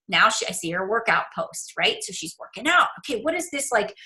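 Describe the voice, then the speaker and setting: A woman's voice: on the high side, very animated, fast talker, hardly any pauses, bright, forceful tone, low-quality recording. A woman business coach presenting on a group call, chatty and informal, often checking in with "right?". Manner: chatty, talks to herself aloud, many "right?" tags.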